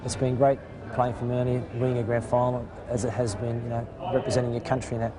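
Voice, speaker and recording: A man giving an earnest, halting interview outdoors, full of fillers. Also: medium pitch, level tone, a crowd in the background, rough recording. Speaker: interviewed footballer. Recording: outdoor traffic noise.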